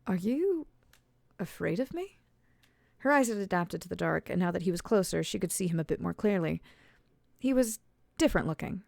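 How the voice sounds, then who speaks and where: Low, gravelly woman reading aloud. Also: lively intonation, fast talker, darkish tone, dry recording. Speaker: author reading her own work. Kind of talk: storybook narration.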